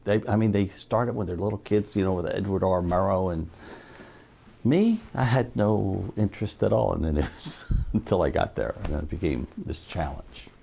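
Gravelly low-voiced older man telling stories. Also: moderate pace. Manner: lively anecdotal storyteller, acts out quotes. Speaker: interviewee, former TV newsman. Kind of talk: storytelling in an oral-history interview.

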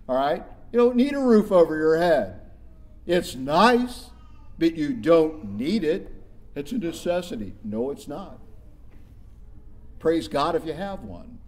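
A man's voice: on the high side, darkish tone. A middle-aged male pastor delivering a sermon in a church, emphatic and conversational, with rhetorical questions.

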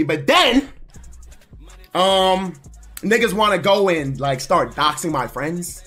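A man's voice: sits high, lively intonation, slow pace, fairly bright tone, soft background music. A young man streaming, ranting in casual, profane, heated slang. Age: young adult.

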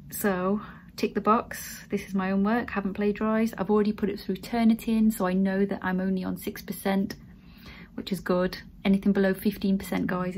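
A woman's voice: mid-range voice, darkish tone, slight background noise, poor audio. A woman in her thirties, a student nurse, chatting casually to her viewers and talking them through things step by step. She sounds earnest and encouraging. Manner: chatty, addresses viewers as guys. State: tearful, emotional. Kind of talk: casual vlog.

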